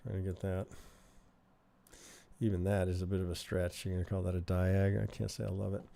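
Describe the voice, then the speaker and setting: Gravelly, dark-voiced trading instructor man. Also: low voice, level tone, fairly quick. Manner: conversational, keeps asking "right?", thinks aloud. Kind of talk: live-stream chart review.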